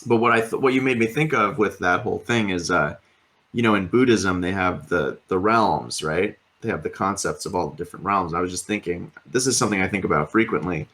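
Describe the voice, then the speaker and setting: A man's voice: deep voice, a little fast, fairly bright tone. A man co-hosting a podcast, chatting casually and rambling with lots of fillers and casual swearing. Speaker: podcast co-host. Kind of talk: casual chat.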